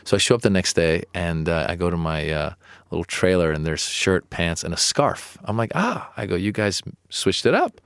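A middle-aged man with a deep, low voice tells stories as a comedian guest, jumping up in pitch whenever he acts out his own replies. The sound is dry and close, with no room to speak of. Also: normal speed, clean tone, no room sound. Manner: animated storyteller, acts out his own protests in a higher voice. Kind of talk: storytelling interview chat.

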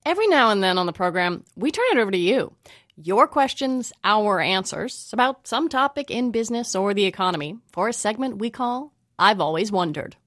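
A woman's voice: mid-range voice, expressive, brisk, fairly bright tone, no room sound. Woman radio host, dry studio sound. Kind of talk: scripted radio presenting.

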